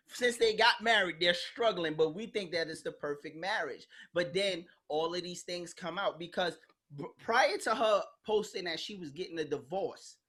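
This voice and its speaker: A podcast host with a lowish, fairly bright voice chats casually, speaking bluntly and with lots of energy. She acts out the voices of people she quotes and swears freely.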